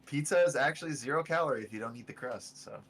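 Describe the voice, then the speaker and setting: A man's voice: mid-range voice, a bit bright, slightly rough. A man running a tabletop game, playful and teasing as he chats with his players. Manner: playful, teasing, drawn-out words. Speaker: game master. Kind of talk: casual chat among tabletop players.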